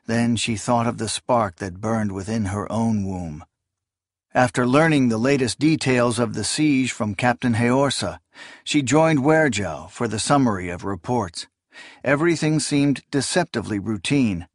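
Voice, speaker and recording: A man reading a fantasy novel aloud as narrator, in a measured, steady storytelling delivery. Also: mid-range voice, no room sound, clean studio sound. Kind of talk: scripted audiobook narration.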